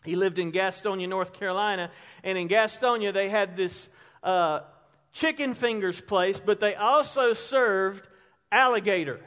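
High-voiced preacher in a reverberant hall. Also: male voice, a little slow. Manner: conversational, builds stories to loud peaks. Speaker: pastor. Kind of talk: storytelling sermon. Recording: long reverb of a large hall.

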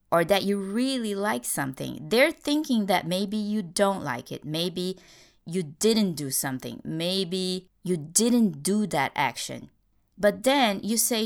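A woman hosting a podcast English lesson, explaining grammar with little acted stories, speaking English as a Portuguese speaker. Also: mid-range voice. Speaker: English teacher, podcast host.

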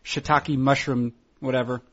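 A man's voice: medium pitch, little pitch movement, moderate pace. A man chatting casually as a podcast co-host, rambling with restarts and laughs. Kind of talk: casual chat. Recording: dull lo-fi recording.

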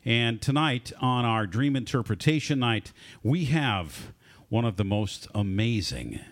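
A man's voice: mid-range voice, animated. A man hosting a casual radio talk show, jokey and playful with his co-hosts. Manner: jokey, playful, quick to kid around.

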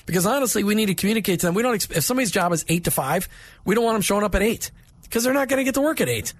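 Speaking in a notably high voice, a man gives plainspoken, direct workplace advice, instructive and conversational like a manager coaching fellow managers. His delivery is animated and racing. The audio is dry and close-miked, with no room sound at all.

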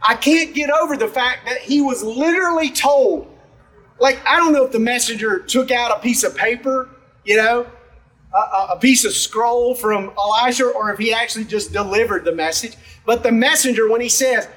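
High-voiced pastor preaching from afar. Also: male voice, moderate pace, recorded from a distance, rough recording. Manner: conversational, animated, acts out story characters. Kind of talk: sermon.

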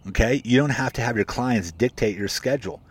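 A man's voice: mid-range voice, brisk, breathy edge. A man giving a casual motivational talk to his viewers and coaching real estate agents. He talks in a conversational, emphatic way, repeats his points and keeps calling his listeners "guys". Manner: greets viewers by name while talking.

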